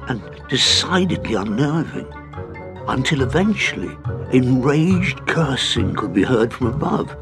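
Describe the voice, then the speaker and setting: A man narrating a children's fantasy storybook in an expressive, animated way. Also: medium pitch, measured pace, over music.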